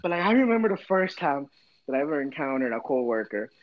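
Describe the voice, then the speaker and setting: A man in his thirties telling a story in casual chat, swearing a lot and talking with animated energy. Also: mid-range voice, quick pace, lo-fi sound. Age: 30s.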